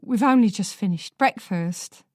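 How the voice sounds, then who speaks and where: A woman's voice: medium pitch, unhurried, no room sound, studio quality, close to an everyday voice. A woman voicing a flustered older woman with an East London accent, wary and fluttery.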